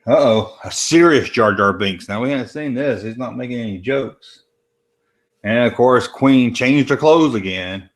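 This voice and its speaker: A man's voice: medium pitch, unhurried. A man, casually talking over a movie and reading chat aloud on a late-night stream. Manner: laid-back, rambling, jokey asides. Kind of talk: casual live commentary while reading chat. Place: home room, late at night.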